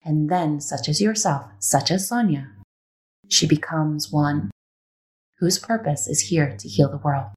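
A woman hosts a spiritual interview in an earnest, emphatic way. She returns to her key phrases again and again. Her voice sits slightly low. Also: measured pace, darkish tone, poor audio. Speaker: podcast host.

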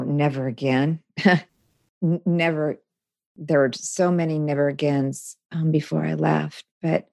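A woman guest speaks in a very low voice with a gravelly fry. She tells her own past candidly and reflectively. The recording is dry and close. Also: darkish tone, no room sound. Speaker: interview guest. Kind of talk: personal testimony.

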